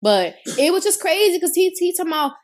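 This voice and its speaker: A woman's voice: very high-pitched, fast talker. A woman co-hosting a podcast and coaching cheer, telling stories in casual chat, acting out quotes and swearing freely. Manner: animated storytelling, acts out quotes, swears freely.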